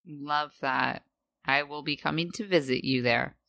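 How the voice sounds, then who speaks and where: A woman from the United States with a notably low voice co-hosts a podcast in relaxed chat. She tells stories with lively, expressive turns. The recording is dry and close. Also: a little slow, gravelly, no echo. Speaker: podcast co-host.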